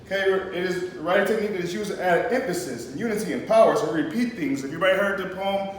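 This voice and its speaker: A man's voice: sits high, racing. A man teaching a poetry lesson to a class, explaining patiently and checking in with "okay?" after each point. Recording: echoey classroom, mic far off, faint noise.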